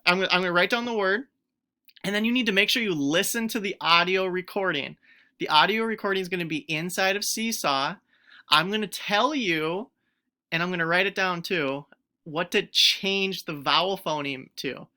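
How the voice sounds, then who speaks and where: A woman teacher giving a recorded phonics lesson to young pupils, stretching out each word sound clearly and encouraging the children to join in. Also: on the low side, normal speed, sharp tone. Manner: encouraging, speaks directly to children.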